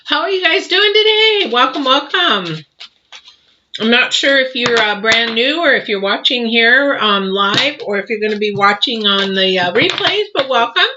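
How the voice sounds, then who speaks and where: A woman's voice: fairly high pitch, expressive, normal speed. Woman, tarot reader, chatty and rambling, dull noisy home recording. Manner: chatty, rambling with many fillers. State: mouth full of cookie dough. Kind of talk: live tarot reading.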